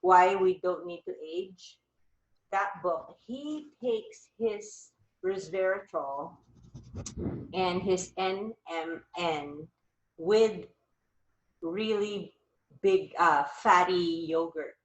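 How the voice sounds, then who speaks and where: A woman's voice: fairly low pitch, drawn-out words, reverberant, lo-fi sound. A woman hosting a live wellness chat over a video call, talking in a rambling, upbeat way. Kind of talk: casual chat.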